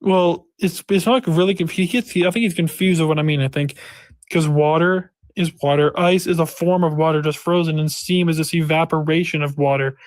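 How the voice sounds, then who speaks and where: A man with a slightly raised pitch talks in a casual online debate. He lays out his point slowly, repeating himself step by step. The sound is close and dry. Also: steady tone, no room sound. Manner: slow, repetitive explaining, drawing out words. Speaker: debater in a voice chat.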